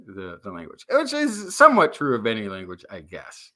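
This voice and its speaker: A man co-hosting a science podcast, chatting casually in a rambling, animated way with many restarts. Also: fairly low pitch, moderate pace. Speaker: podcast co-host. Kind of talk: casual chat.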